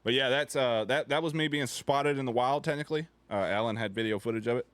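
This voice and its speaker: A man's voice: medium pitch, quick pace, fairly bright tone, dry recording. A man streaming casual commentary as he reacts to videos, joking, swearing and laughing often.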